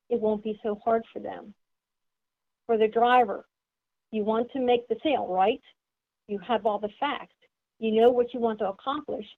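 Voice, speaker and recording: Woman presenter with a tinny, phone-like sound. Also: on the high side. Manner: explains step by step, asks the listener questions. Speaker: sales seminar presenter. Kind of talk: instructional seminar talk.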